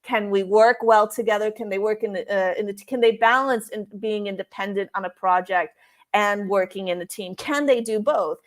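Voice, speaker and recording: A woman's voice: mid-range voice, moderate pace. A woman interviewed as a career coach for expats, talking casually with frequent restarts and filler words.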